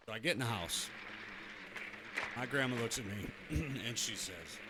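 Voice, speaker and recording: A male streamer chats and tells stories in an animated way, cursing freely and breaking off to call out enemies. His voice sits in an ordinary middle register. A steady hiss of noise runs under the stream audio. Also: mid-range voice, unhurried, long pauses. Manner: animated, swears freely, gives tactical callouts. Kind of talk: casual gaming chat and storytelling. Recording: noisy game stream audio.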